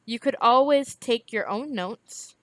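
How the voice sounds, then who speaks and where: A woman reading aloud, voicing a sharp-tongued woman healer who speaks mockingly and scornfully. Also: on the high side, animated, moderate pace, no room sound.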